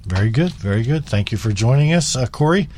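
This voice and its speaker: Man radio host, mellow and low, faint background hiss. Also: expressive, a little fast. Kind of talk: radio talk show.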